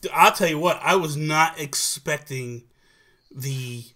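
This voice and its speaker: Animated man hosting a casual livestream. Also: a little high, slow pace. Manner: animated, rambling with many restarts, greets chatters. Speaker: livestream host. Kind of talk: casual live chat.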